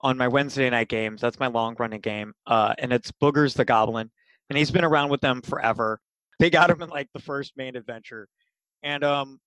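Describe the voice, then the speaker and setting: An animated, excited storyteller recounting their tabletop sessions in a mid-pitched voice. The sound is dry and close, with no room around it, and the talk is loose and full of fillers. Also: dry recording, poor audio. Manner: animated, enthusiastic, many fillers. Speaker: game master for kids' games. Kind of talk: casual interview storytelling.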